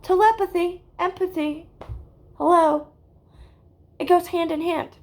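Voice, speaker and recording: A woman with a high voice delivers a mock spiritual lecture at an unhurried, drawn-out pace. She keeps it deadpan and keeps checking in with her listeners with "okay?". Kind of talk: deadpan parody self-help lecture.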